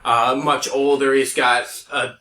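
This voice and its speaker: A man's voice: medium pitch, little pitch movement, unhurried, pushed and bright. A man narrating a tabletop game as game master, easygoing and full of fillers. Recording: roomy, distant mic.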